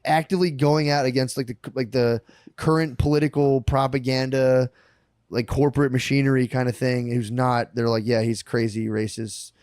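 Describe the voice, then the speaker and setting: Excitable swearing young man, dry mic. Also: mid-range voice, normal speed, smooth, no room sound. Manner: excitable, swears a lot, acts out quoted voices. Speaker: podcast host. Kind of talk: casual comedic chat.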